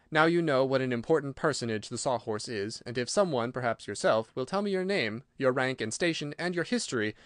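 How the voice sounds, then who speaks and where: A man's voice: mid-range voice, dry recording, clean studio sound, natural voice. The Scarecrow, a man doing a courtly straw man. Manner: polite, eager, flowery. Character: gallant courteous straw-stuffed male scarecrow.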